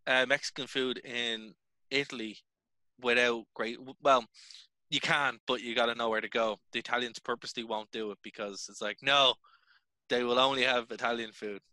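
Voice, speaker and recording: A young Irish man co-hosting a podcast in casual chat, chatty and excitable, jumping from topic to topic. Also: medium pitch, normal speed, dry recording. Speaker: podcast co-host.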